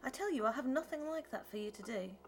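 A woman's voice: high-pitched, lively intonation, quick pace, slight background noise, voice pushed up. A woman voicing a guarded country gardener woman. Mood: curt. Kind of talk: audiobook character reading.

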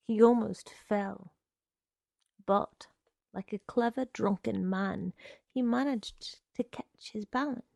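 A woman narrating literary fiction in a measured, hushed, low-key manner. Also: gravelly, no room sound, clean studio sound.

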